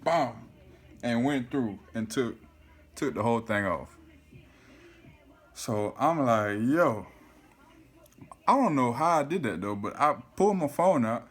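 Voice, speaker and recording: Animated man telling a story. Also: mid-range voice, a little slow, long pauses. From South Florida. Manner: animated, swears often, keeps saying "you feel me". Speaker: vlogger. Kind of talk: casual storytelling to camera.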